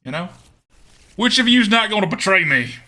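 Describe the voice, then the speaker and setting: A man's voice: sits high, sing-song, moderate pace, sharp tone. A man streaming a card game, chatting casually with his viewers in a jokingly put-on twangy drawl. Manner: chatty, talks to chat viewers.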